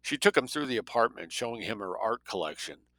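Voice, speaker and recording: This audiobook narration features a man delivering fiction evenly and deliberately in a low, sharply forceful voice. The sound is close-miked and dry with no room tone, though the audio is poor.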